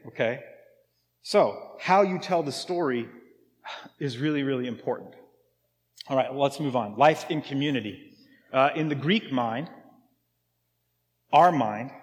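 A man's voice: mid-range voice, in a large hall. A man giving a conversational sermon as pastor, who asks pointed questions and rises into emphatic peaks. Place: church.

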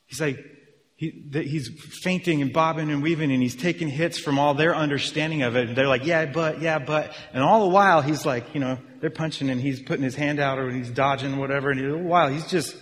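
A man preaching a sermon with lively energy, often acting out his listeners' reactions. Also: fairly high pitch, fairly quick, big-room sound. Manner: animated, acts out reactions of listeners. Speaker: pastor.

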